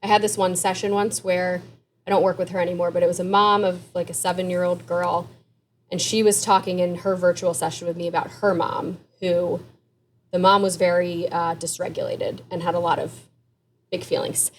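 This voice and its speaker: A woman therapist and author answering interview questions in a candid, conversational way, with quick asides and light laughs. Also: on the low side, flat delivery, slight background noise.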